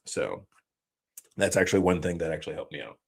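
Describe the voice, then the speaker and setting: A man's voice: low-pitched, animated, fairly quick, vocal fry. A man hosting a live stream, explaining things in a loose, casual way with many fillers and restarts. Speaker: host.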